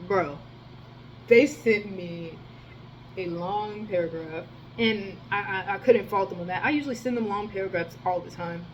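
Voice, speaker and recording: A woman's voice: mid-range voice, normal speed, a little hiss or hum, low-quality recording. A young woman telling a storytime vlog in a rambling, profane way, full of fillers. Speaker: storytime vlogger. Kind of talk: casual storytelling.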